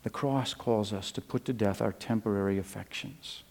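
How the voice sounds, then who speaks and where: An older man preaching a sermon, animated in his stories and dropping low and quiet for serious points. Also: normal speed, gravelly, long reverb tail. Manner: animated storytelling, swings from loud and high to low and quiet. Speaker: pastor.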